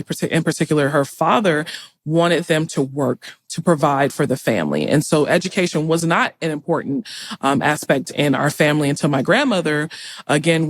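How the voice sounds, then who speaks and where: Earnest storytelling woman with Lowcountry lilt. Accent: light Gullah Geechee Lowcountry South Carolina. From Charleston, South Carolina. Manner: rambling and earnest, with frequent restarts. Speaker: chef and guest. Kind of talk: podcast interview storytelling.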